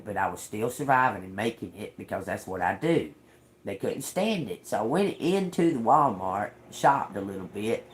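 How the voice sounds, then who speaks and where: A woman's voice: a bass voice, slight background noise. A middle-aged woman on a livestream, angrily telling a personal story with lots of cursing. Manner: agitated, profane ranting. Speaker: livestream host. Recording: roomy echo.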